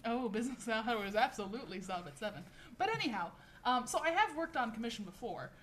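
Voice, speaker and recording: A woman's voice: a little high, animated, fairly quick, fairly bright tone, a little hiss or hum. A young woman co-hosting a casual podcast chat, rambling and self-mocking with lots of fillers and restarts. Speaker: podcast co-host.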